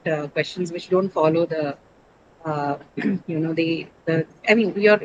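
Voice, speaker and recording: A woman's voice: fairly low pitch, noisy background. A woman teacher lecturing an online English class, explaining step by step and correcting students patiently.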